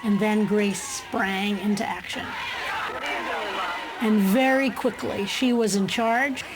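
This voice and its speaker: A woman's voice: medium pitch, steady tone, slow, background noise. A woman telling a story in a documentary interview, vividly recalling events and quoting what others said. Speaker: interviewee, fellow activist.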